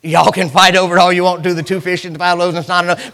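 A man preaching a sermon in a church, swinging from loud cries to hushed lines. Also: sits high, flat delivery, racing, in a large hall.

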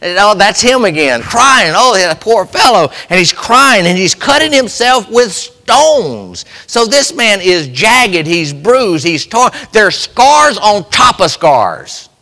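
High, animated preacher in a reverberant hall. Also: male voice, slow, hardly any pauses. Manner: impassioned, asks the congregation rhetorical questions. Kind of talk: sermon.

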